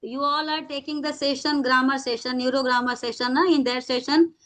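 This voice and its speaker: A high, bright-voiced woman with an Indian English accent, teaching an online class. She switches between Hindi and English and draws key words out slowly. It sounds like a video call. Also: fairly even intonation.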